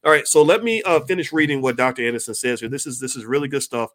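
A man reading passages from a book aloud and breaking off into animated commentary, sometimes stumbling over words. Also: mid-range voice, quick pace. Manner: reads passages then breaks off into animated asides.

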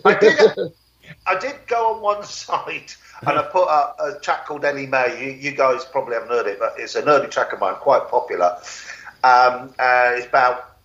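A man's voice: mid-range voice, normal speed, fairly bright tone. A British man, a singer-songwriter guest, chatting casually and laughing at himself. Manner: chatty, laughing, self-mocking. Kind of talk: casual chat. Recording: roomy, dull lo-fi sound.

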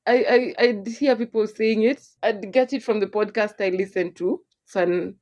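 A young woman with a Kenyan accent, co-hosting a casual podcast chat in an animated way. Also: medium pitch, moderate pace. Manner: animated, mixes English and Swahili, laughs often. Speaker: podcast co-host.

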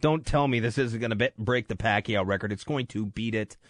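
A man's voice: lowish voice, a little fast, dry recording. A man filling in as radio host, talking sports in a casual, rambling, joking way in a studio. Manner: rambling, joking, self-deprecating.

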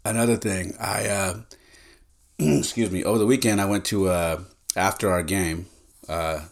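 A man with a very low voice hosts a podcast on his own. He tells everyday stories in a casual, direct way, with plenty of fillers and self-corrections. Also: normal speed, vocal fry. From San Jose, California. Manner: direct, chatty, lots of fillers and restarts. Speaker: podcast host. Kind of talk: casual storytelling monologue.

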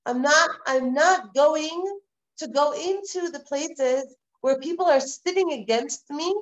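A woman teaching a live online Torah class, lecturing in a lively, conversational way with repeated phrases and rhetorical questions. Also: high voice, slow, poor audio. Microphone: video call.

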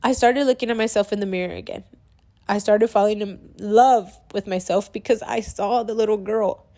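A woman's voice: medium pitch, steady tone, moderate pace, dark tone. A young woman talking candidly in a personal vlog, casual and confessional, using "like" and "bro" a lot and swearing freely. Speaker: vlogger.

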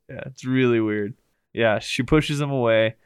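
A man's voice: mid-range voice, smooth, no room sound, clean studio sound. A man co-hosting a podcast, recapping a movie in casual chat, swearing often and laughing easily. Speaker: podcast co-host.

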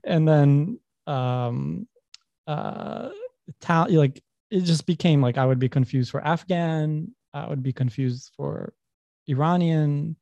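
A man's voice: a little high, slow pace, creaky, warm tone, no echo, lo-fi sound. A young adult man, rambling through personal stories in casual conversation and laughing as he tells them. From New York. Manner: rambling, self-correcting, laughs while telling. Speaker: podcast guest.

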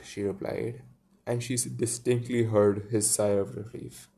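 A man reading a children's story aloud, pausing to muse and comment on it. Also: on the low side, little pitch movement, gravelly, dark tone, breathy edge. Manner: muses aloud between passages. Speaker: reader.

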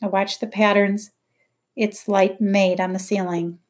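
A woman narrating a novel in the first person, in a quiet, measured, reflective way. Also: medium pitch, level tone. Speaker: audiobook narrator.

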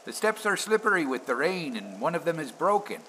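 A man reading aloud as a deferential railway signalman of about thirty, pitched noticeably higher than the narration. He speaks in plain country speech, earnest and polite to a gentleman. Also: very animated, brisk, slight background noise, rough recording. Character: steady male railway signalman of thirty, respectful.

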